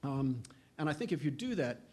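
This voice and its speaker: A man's voice: medium pitch, sing-song, moderate pace, mellow. A middle-aged man giving a history lecture, earnest, with frequent restarts and a lift in voice when reading quotations. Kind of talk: public lecture.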